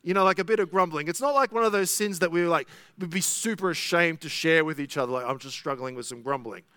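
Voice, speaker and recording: A man's voice: sits high, quick pace, a bit bright, clear, resonant tone, dry recording, studio quality. A pastor preaching an expository sermon in a conversational way, often asking his listeners rhetorical questions.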